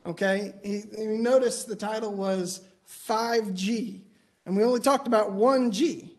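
A man's voice: high voice, steady tone, measured pace. Man preaching a sermon in a chatty, storytelling way. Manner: conversational, anecdotal storytelling with light humor. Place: church auditorium.

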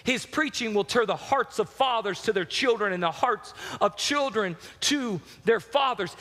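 A pastor preaching a sermon in an emphatic, repetitive, casual way, in a church sanctuary. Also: male voice, high voice, sing-song, normal speed, pushed and bright. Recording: long church hall reverb.

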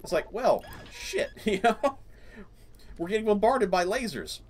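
A man's voice: high voice, big pitch swings, a little slow. A man hosting a gaming channel, rambling through casual let's-play commentary with many fillers. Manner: rambling, lots of fillers and laughs.

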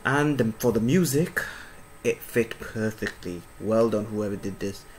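A man's voice: on the low side, unhurried, a little hiss or hum, poor audio. A man giving casual, effusive reaction commentary as a YouTuber, often repeating his words. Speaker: YouTuber reacting to an anime clip. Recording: loud soundtrack music behind voice.

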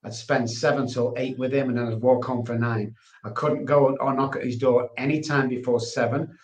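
A man's voice: medium pitch, fairly even intonation, normal speed. A man from England, a guest giving a candid personal testimony in an earnest, repetitive storytelling manner. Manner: earnest storyteller, repeats himself for emphasis. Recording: roomy, echoey sound.

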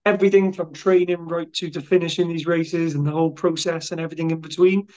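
High-voiced enthusiastic podcast host. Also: male voice, little pitch movement, fast, darkish tone. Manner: enthusiastic, matey. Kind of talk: casual interview chat. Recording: dull lo-fi audio.

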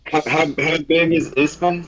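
A man's voice: on the high side, fairly even intonation, a crowd in the background, poor audio. Rambling man playing a tabletop game. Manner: rambling, halting, playful. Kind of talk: casual chat.

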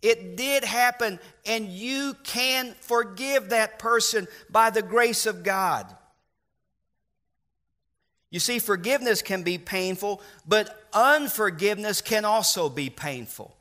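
A man preaching a sermon as pastor, earnest, with slow emphatic stresses and repeated refrains. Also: sits high, bright, forceful tone. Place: church.

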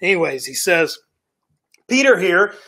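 A man's voice: high-pitched, very animated, unhurried, pushed and bright. A male pastor preaching a sermon in a folksy storytelling way, often checking in with "right?" and "okay?". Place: church sanctuary.

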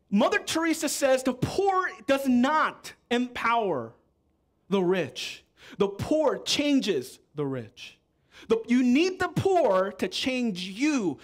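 A man preaching a sermon as pastor, animated and joking with the congregation. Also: high-pitched. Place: church.

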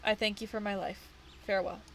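A woman's voice: medium pitch, level tone, fairly quick, a little hiss or hum, lightly acted. Woman reading a grudging escaped convict. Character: grudging male escaped convict, wants solitude. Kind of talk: reading game dialogue aloud.

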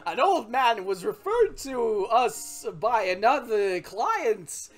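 A man doing a comedic celebrity impression as a male townsman in a video game, with slow, oddly paused delivery. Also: extremely high pitch, sing-song, pitched above the performer's own voice, full character voice. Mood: deadpan drawl. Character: male townsman NPC, halting Christopher Walken impression. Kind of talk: comedic game let's-play voice acting.

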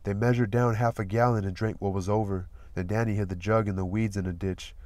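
A man with a lowish voice reads a novel aloud in a steady, measured way. The recording is dry and close, with no room sound. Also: no echo. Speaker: audiobook reader.

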